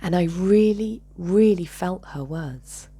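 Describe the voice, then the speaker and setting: Husky low-voiced woman telling a story. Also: takes it slowly. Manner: intense, swings between loud and whispered, swears. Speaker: channel host. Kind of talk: personal storytelling.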